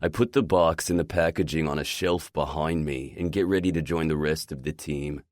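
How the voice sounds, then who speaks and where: A man narrating a romance audiobook in the first person, measured and inward. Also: rumbling low, a little mellow, no room sound, clean studio sound.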